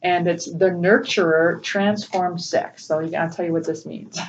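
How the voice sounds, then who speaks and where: A woman giving a casual spiritual tarot reading, gentle and emotional, laughing often. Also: steady tone, a little slow. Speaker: tarot reader. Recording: distant, dull low-fi mic with faint noise.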